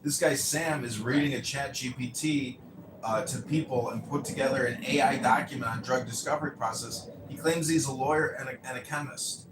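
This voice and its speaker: A man, a candidate hosting a podcast, telling rambling, animated stories in casual chat and swearing freely. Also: mid-range voice, fairly quick. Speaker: mayoral candidate and podcast host. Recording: roomy echo with faint ambient noise.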